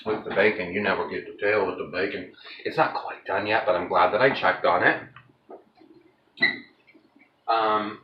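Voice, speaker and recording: A man's voice: fairly low pitch, normal speed, long pauses, echoey room, highs cut off, a little hiss or hum. A man chatting casually to his viewers while he cooks at home, rambling from one thought to the next. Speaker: home cooking vlogger. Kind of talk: casual cooking vlog chat. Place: home kitchen.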